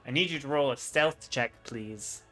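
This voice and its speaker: A man with a bright, forward voice narrates a fantasy tabletop session as game master. He talks casually and loosely, full of "um" and "like", describing what players hear and asking for dice rolls. Faint music sits behind him. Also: medium pitch, moderate pace. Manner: casual, rambling with fillers, voices side characters briefly.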